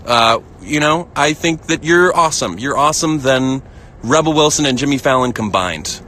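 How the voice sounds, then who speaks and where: An American man lounging in a field outdoors chats on a phone live stream, reading viewer comments aloud at a normal pace with slight background noise. His voice is bright and forward, relaxed and playful, and he giggles a lot, jumping into a squeaky high voice when joking.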